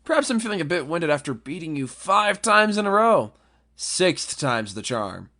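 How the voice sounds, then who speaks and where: A man's voice: a little high, sing-song, normal speed, sharp tone, full character voice. A young man playing a flamboyant, charming young captain who speaks in a theatrical, gloating way in an audio drama. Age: young adult.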